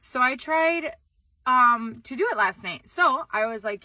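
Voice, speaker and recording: Excitable young woman telling a story. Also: a little high, a little slow, dry recording. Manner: excitable, animated, screams in retold moments, many "like"s. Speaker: vlog host. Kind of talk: casual storytelling vlog.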